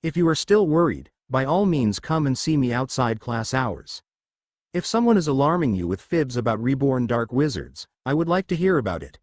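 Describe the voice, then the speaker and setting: A man's voice: mid-range voice, big pitch swings, normal speed, no echo, clean studio sound, natural voice. A man voicing a sugary, smug woman teacher in a read-aloud story, falsely friendly. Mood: sugary stern.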